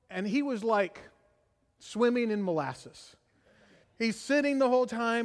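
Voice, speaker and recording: Animated high-voiced male pastor in a hall. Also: normal speed. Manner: animated storyteller, frequent "right?" asides. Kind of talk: sermon with personal story.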